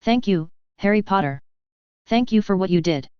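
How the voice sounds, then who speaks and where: A frail old man who speaks with a quaver, as the narrator reads him in an audiobook. The voice is very clear, the sound dry and a bit dull. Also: mid-range voice, animated, normal speed, dry recording, close to an everyday voice. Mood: grateful.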